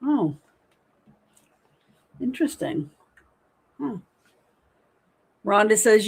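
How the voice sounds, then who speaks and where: Middle-aged woman, livestream host, chatty and animated, reads comments aloud. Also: mid-range voice, moderate pace. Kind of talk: casual livestream chat reading comments.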